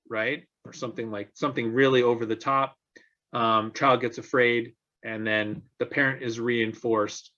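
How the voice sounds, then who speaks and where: A man's voice: medium pitch, steady tone, a little slow, sharp tone. Man giving a loose, um-filled lecture. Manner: conversational, many fillers like um and you know. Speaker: clinical psychologist lecturing on parent training. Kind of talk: recorded lecture. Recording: dull lo-fi lecture recording.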